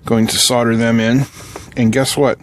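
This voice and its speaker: A man's voice: medium pitch, flat delivery, normal speed, slight background noise. A middle-aged man hosting a casual electronics tutorial at his home workbench, joking and chatting with viewers while he solders and tests a board. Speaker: electronics channel host.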